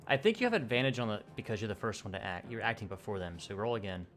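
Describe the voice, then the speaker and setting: A man acting as game master, talking in a relaxed, halting way with many fillers. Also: fairly low pitch, soft background music. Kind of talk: running a tabletop game.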